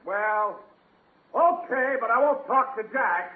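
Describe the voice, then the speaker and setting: A stiffly formal announcer playing it sulky, his husky voice rising and falling with feeling. He is heard through a narrow, tinny 1940s radio broadcast. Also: extremely high pitch, expressive, slow.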